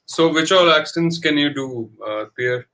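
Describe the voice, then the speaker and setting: A man's voice: on the high side, unhurried, pushed and bright. A man in casual chat who teases and laughs easily, with a melodic way of speaking.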